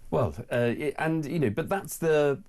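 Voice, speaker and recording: A man's voice: a little high, normal speed, darkish tone. A man co-presenting a talk show, agreeable and hesitant, with many fillers. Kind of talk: casual studio chat.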